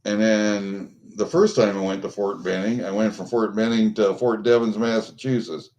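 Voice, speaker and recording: A man's voice: on the low side, fairly even intonation, moderate pace, darkish tone. A middle-aged man chatting casually with his livestream viewers, rambling and swearing, with lots of fillers and restarts. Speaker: vlogger chatting with live viewers.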